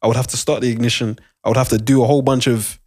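A man's voice: mid-range voice, racing. A young man, animatedly telling a long story in casual chat and using lots of slang. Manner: animated, repeats "do you understand", London slang.

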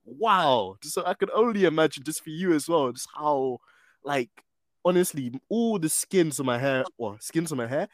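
A man hosting a podcast interview, chatting effusively and often trailing off quietly at the ends of phrases. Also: on the high side, animated, moderate pace, no room sound, clean studio sound. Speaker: podcast host. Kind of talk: casual interview chat.

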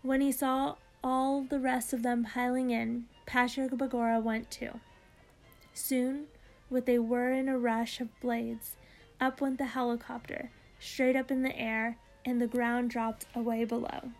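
Expressive woman reading a storybook. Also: a little high, measured pace, soft background music. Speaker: narrator. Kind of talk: storybook read-aloud.

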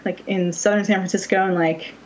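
A woman's voice: medium pitch, fairly even intonation, fairly quick, darkish tone, dull audio. A young woman chatting casually, telling a dating story in a rambling way, full of fillers and wry quoted asides. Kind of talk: casual chat.

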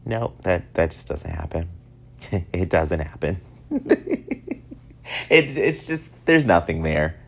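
A man in his thirties from upstate New York, telling self-mocking stories in a casual, animated way. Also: slow pace, vocal fry, long pauses. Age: 30s. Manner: animated, self-mocking, swings up high for acted quotes. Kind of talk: casual storytelling monologue.

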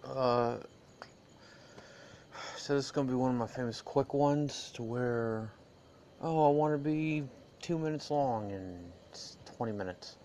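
A man's voice: mid-range voice, a little slow, long pauses, darkish tone, a little hiss or hum. An American man hosting a casual solo podcast, rambling and digressive with frequent fillers. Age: adult. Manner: rambling, digressive, with many "uh"s and restarts. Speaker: podcast host.

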